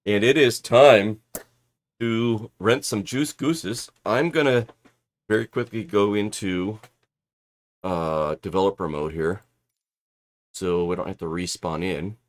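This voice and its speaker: A man's voice: on the low side, takes it slowly, long pauses. A man from Southern California chatting casually while streaming a flight simulator, making radio calls and rambling with many restarts.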